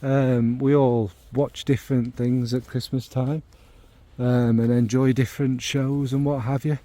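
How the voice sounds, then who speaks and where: A man's voice: mid-range voice, flat delivery, unhurried, warm tone, no echo. A man chatting casually about fragrances to his viewers, rambling and tossing in lots of fillers and tag questions. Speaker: fragrance reviewer. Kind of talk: casual chat to camera.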